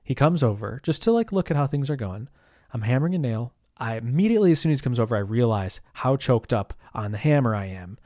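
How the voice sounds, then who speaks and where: A man's voice: medium pitch, animated, fast talker, warm tone, no echo, studio quality. A man hosting a podcast on his own, talking in a rambling, casual way with lots of fillers, restarts and mild swearing. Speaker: podcast host. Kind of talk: casual solo podcast monologue.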